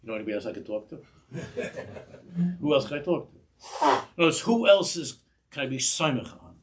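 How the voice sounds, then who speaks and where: Animated rabbi giving a Torah talk. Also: male voice, fairly high pitch, moderate pace, background noise. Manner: animated, acts out dialogue with Yiddish and Hebrew words.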